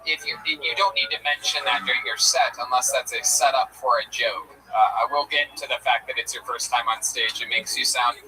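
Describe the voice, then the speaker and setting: A man's voice: mid-range voice, fairly even intonation, fairly quick, few pauses, far from the mic, over music, poor audio. A man hosting a comedy show who roasts and interviews a new comic in a brash, profane way. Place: comedy club stage.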